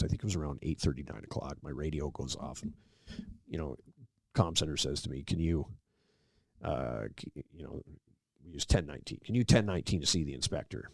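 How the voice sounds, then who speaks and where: Middle-aged man with a very deep, gravelly voice, relaxed podcast guest spinning anecdotes and playing out the dialogue. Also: dry recording, studio quality. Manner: relaxed anecdotal storyteller, acts out quoted dialogue. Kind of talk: casual storytelling interview.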